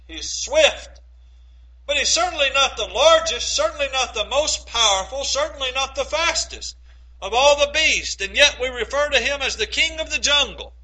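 A man preaching a sermon and reading scripture aloud, emphatic, stretching key phrases slowly and putting rhetorical questions to his listeners. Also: very high voice, pushed and bright, rough recording. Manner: asks the congregation rhetorical questions.

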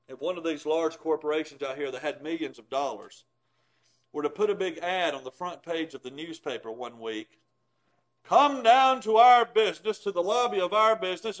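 A man preaching a sermon in a folksy way, with loud emphatic bursts, low quiet asides and chuckles at his own points. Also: low-quality recording.

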